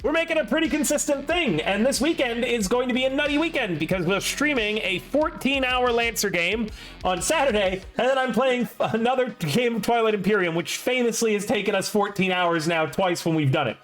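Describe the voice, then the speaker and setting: A man's voice: very high voice, lively intonation, brisk, a bit bright, soft background music. A young man streaming, chatting casually and rambling with self-deprecating asides before running a tabletop game.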